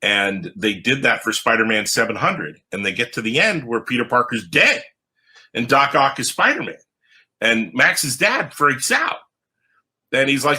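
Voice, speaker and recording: A man with a very bright, forceful voice tells his stories in a lively way. He is a comic book writer talking on a podcast, and he jumps up in pitch to act out the people he quotes. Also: unhurried, breathy edge. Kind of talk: animated storytelling in a podcast interview.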